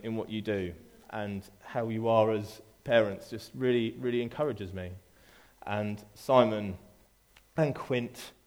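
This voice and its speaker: A man's voice: medium pitch, darkish tone. A man delivering a sermon to his congregation in an easygoing, conversational way. He restarts phrases, repeats words, and drops playful asides to people in the room. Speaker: pastor. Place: church.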